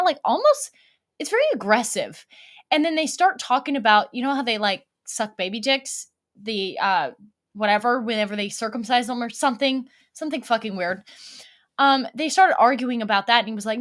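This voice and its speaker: A livestream host with a fairly high, bright voice tells stories casually to her viewers. Her talk is blunt, profane, and rambling.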